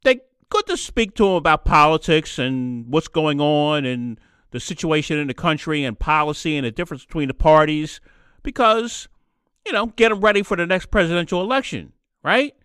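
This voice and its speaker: Male podcast host, sarcastic monologue, bright and animated. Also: moderate pace, clean tone, no room sound, studio quality. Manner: sarcastic, mocks others in shrill put-on voices. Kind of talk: opinionated monologue.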